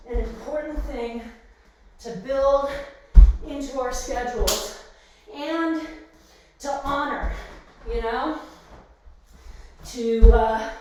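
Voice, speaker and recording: A woman's voice: high-pitched, recorded from a distance, background noise. A woman fitness instructor leading a live home workout class, chatty and encouraging, with many fillers. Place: home exercise space. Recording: very echoey room.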